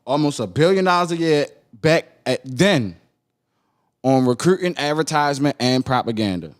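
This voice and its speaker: Animated Baltimore man hosting a podcast. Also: on the high side, moderate pace. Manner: animated, repeats himself, rhetorical "right?". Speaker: podcast host. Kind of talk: casual commentary on a video.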